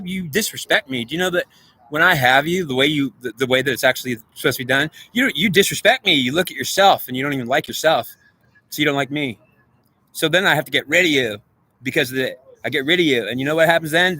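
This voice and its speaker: This man's sharp, higher-leaning voice carries a rambling, emotional plea aimed straight at a goddess no one can see. He sounds agitated and keeps repeating himself.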